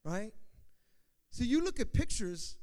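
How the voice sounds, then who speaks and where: A man's voice: high voice, very animated, slow pace, darkish tone, clear, resonant tone. A man pastor preaching a sermon in a church, emphatic and repetitive, putting questions to the congregation. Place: church sanctuary. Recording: long hall reverb.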